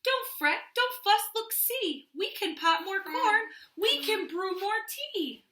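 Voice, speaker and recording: A tiny fretful storybook mouse, as a woman reading aloud puts her on, pitched high and squeaky. The voice is gentle and soothing and very bright. The room around her echoes. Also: expressive, takes it slowly, full character voice. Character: small anxious mouse soothing a friend. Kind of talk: picture book read-aloud. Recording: roomy echo at home.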